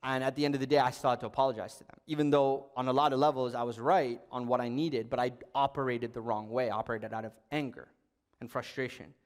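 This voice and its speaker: A man's voice: mid-range voice, fairly even intonation, quick pace. Man preaching in a reverberant hall. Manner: storytelling, conversational, with bursts of emphasis. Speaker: youth pastor. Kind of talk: sermon.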